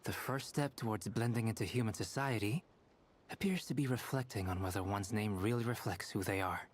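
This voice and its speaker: Man voicing a calm dry game character. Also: on the low side, brisk, a little hiss or hum, natural voice. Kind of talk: game voice acting.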